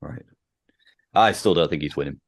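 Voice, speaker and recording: A man's voice: extremely low pitch, normal speed, creaky. A man co-hosting a casual wrestling chat, blunt and grumbling, with swearing. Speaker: podcast co-host.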